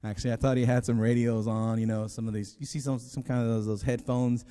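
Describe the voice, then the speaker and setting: A man's voice: medium pitch, little pitch movement, fast talker, dark tone, smooth. A man preaching a sermon as pastor, telling a story in a rambling, conversational way with many restarts. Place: church sanctuary. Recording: long hall reverb.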